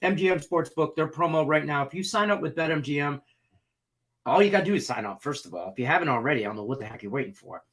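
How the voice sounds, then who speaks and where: A man co-hosts a sports betting talk show in loose, casual chat. His voice sits a little high, and he tells rambling, jokey stories with a lot of animation. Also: expressive, fast, a bit bright.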